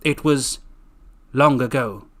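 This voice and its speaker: A man's voice: medium pitch, takes it slowly, a bit bright. A man voicing a proud, guarded woman who answers tersely in a storybook reading. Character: sharp-eyed proud young woman, guarded.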